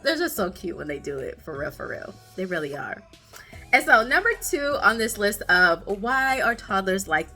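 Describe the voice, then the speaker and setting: A young woman, hosting a podcast about her toddlers, chatting casually and laughing often. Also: breathy edge. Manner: animated, laughing, high playful voices when quoting her kids. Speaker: podcast host, mother of twin toddlers. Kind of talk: casual storytelling chat.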